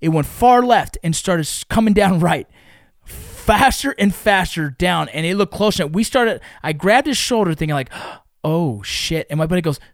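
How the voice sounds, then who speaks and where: Man, slightly high voice, telling a rowdy anecdote with lots of cursing; dry close mic. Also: moderate pace, dry recording. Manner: profane, animated storyteller. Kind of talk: casual storytelling.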